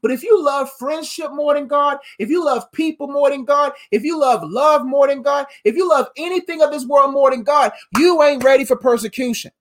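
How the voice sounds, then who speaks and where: A woman preaching a sermon in an animated, emphatic way, using slang and calling her listeners "fam.". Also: high-pitched, moderate pace, few pauses.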